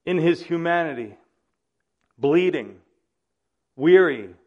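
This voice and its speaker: A man's voice: on the high side, lively intonation, slow pace, narrow, tinny audio. A man preaching a sermon, acting out the voices in the stories he tells. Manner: dramatic, acts out quoted voices. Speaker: pastor.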